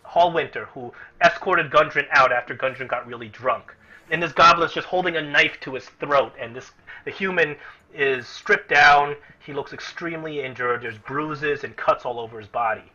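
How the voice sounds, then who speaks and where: A man's voice: on the high side, normal speed, sharp tone. A man narrating as game master in an online tabletop game, casual and explanatory, with many fillers and restarts, on muffled lo-fi audio.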